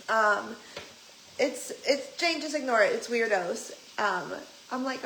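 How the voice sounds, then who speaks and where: Young woman venting on her vlog, kinda high voice, swears a lot, echoey room w faint hiss. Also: slow, fairly bright tone. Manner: ranting, swears freely, retells quotes. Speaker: vlogger. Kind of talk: casual storytime chat.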